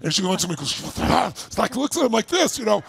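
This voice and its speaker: A man speaking at a relationship seminar, telling lively stories and acting out his wife's lines in a high voice. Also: quick pace, creaky, a little hiss or hum. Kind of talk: lively talk to a seminar audience.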